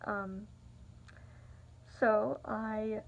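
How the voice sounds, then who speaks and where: A woman's voice: mid-range voice, steady tone, very slow, creaky. A young adult woman telling a personal story in a rambling, confiding way, full of fillers. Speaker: vlogger. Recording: dull lo-fi recording.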